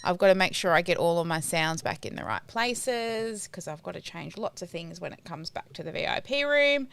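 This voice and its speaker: A woman's voice: fairly low pitch, expressive, normal speed, creaky, a bit bright, clear, resonant tone. A woman coaching a group on a live video call, encouraging and direct, chatting with plenty of fillers. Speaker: online business coach.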